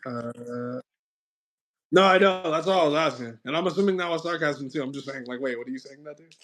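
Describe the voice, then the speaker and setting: A man's voice: fairly high pitch, brisk, a bit bright. A man hosting a stream in casual chat, rambling and hedging as he thinks aloud. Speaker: streamer host.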